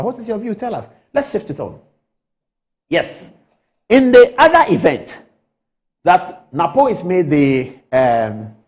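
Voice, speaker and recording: A man's voice: a little high, darkish tone. A man hosting a TV current affairs show, giving political commentary in the studio with repetition and rhetorical questions.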